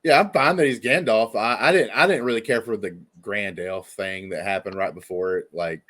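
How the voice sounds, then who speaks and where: A man's voice: lowish voice, moderate pace, fairly bright tone. A man hosting a casual TV review discussion, talking in a rambling way with lots of filler words. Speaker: podcast host.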